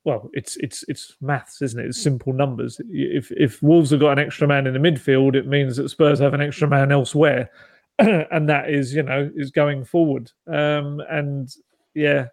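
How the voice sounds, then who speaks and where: A man's voice: mid-range voice, steady tone, moderate pace, a little mellow, no room sound. A man co-hosting a football podcast, chatting casually with lots of restarts and asides. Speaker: podcast co-host.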